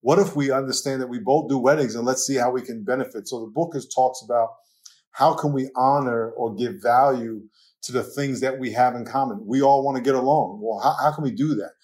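An older man with a New York accent, a pastor and author talking as a podcast guest, animated and laughing often as he tells stories. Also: medium pitch, fairly quick. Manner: animated storyteller, laughs often, slips into acted quotes. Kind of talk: conversational podcast interview.

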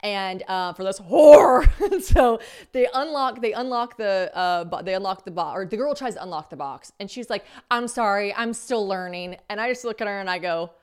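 With a lively, brisk delivery and a slightly mellow, mid-pitched voice, a woman in her thirties hosts a podcast. She casually narrates a story and plays out her inner thoughts using over-the-top voices.

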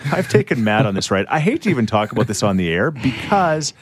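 A man's voice: mid-range voice, sing-song, brisk, slightly rough, no echo. A man hosting a radio show, joking and laughing with his co-hosts and a guest. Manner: jokey, laughs often. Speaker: radio host. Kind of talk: lively radio banter.

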